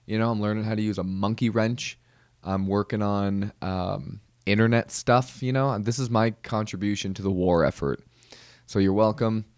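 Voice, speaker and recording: A man's voice: on the low side, fairly even intonation, normal speed, darkish tone, dry recording, clean studio sound. A man hosting a podcast, doing a rambling, joking comedic monologue. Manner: rambling, joking, full of fillers and restarts. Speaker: podcast host.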